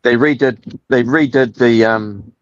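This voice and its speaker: A man, a guest on a livestream, speaking in a measured, hesitant way. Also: mid-range voice, no room sound, muffled recording. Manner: measured, hesitant, thinks aloud. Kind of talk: casual chat.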